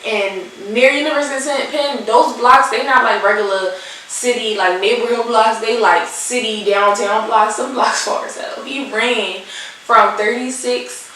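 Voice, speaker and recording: Young Philly woman vlogger, animated and salty, a bit high, echoey room, set back from the mic. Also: unhurried, far from the mic, slight background noise. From Philadelphia. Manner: animated, swearing, acts out the people in her story. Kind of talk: storytime vlog while doing makeup.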